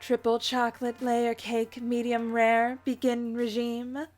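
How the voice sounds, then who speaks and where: Woman reading a calm, slow feminine robot gadget voice for a game, steady orders. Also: a little high, soft background music. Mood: commanding. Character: calm female robot voice from a cooking spoon.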